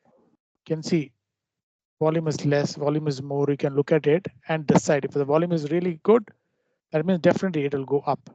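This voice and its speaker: A man teaching a trading lesson over a screen share, explaining in a halting way with frequent restarts. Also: fairly high pitch, fairly even intonation, mellow, no echo. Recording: dull lo-fi dry recording.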